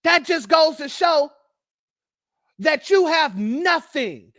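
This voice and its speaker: A man with a strikingly high voice delivers heated livestream commentary. He is combative and numbers off his points, in a dry, close sound with no room echo. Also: expressive, slow, fairly bright tone. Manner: combative, lists points one by one. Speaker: livestream host.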